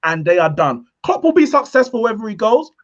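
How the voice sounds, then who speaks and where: A man's voice: sits high, very animated, brisk. A man, a football fan panelist arguing in mocking, heated chat. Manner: mocking, argumentative. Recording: slightly dull sound.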